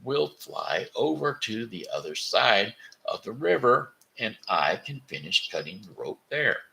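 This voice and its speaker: A gravelly-voiced man reading as a steady storybook hero, calm and reassuring. Slow, lively in pitch, lifting a little above his low voice. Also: heavily acted. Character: calm clever man on a rescue.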